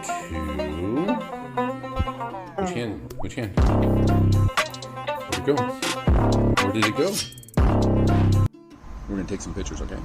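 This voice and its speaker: Low-ish guy training his dog, slow commands, voice bounces way up for praise. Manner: coaxing, rising to high excited praise. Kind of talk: giving commands to a pet dog.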